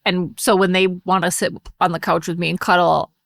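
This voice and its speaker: A woman's voice: on the low side, flat delivery, brisk, vocal fry, fairly bright tone, dry recording, studio quality. A woman co-hosting a podcast about home daycare, talking casually and often trailing off mid-sentence. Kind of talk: casual chat.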